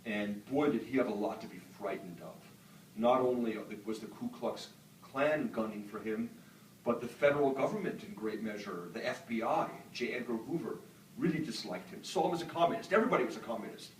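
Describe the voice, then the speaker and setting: A man's voice: mid-range voice, a little fast, distant mic, slight background noise. A middle-aged man from the northern United States speaking as an author to students, telling reflective stories with frequent "um" fillers. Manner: reflective storyteller, many "um" fillers. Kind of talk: lecture talk with audience Q&A. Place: university lecture hall. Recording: echoey hall picked up from afar.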